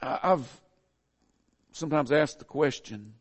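A high-voiced man with a Southern US accent delivers a sermon, folksy and conversational, lifting his phrases to emphatic peaks. His voice carries a long hall reverb. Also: measured pace. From American South. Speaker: preacher.

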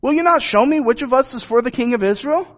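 A man's voice: very high voice, lively intonation, fast, fairly bright tone, pitched above the performer's own voice, exaggerated voice. A man reading as a troubled ancient king. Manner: demanding, questioning. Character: male king of Syria, troubled and commanding. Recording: dull lo-fi recording.

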